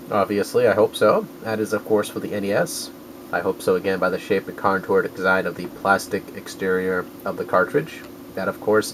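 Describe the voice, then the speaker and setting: Rambling man with a lowish voice. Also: a little hiss or hum, poor audio. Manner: rambling, self-correcting, crude jokes. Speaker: video game collector vlogger. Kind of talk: casual rambling vlog.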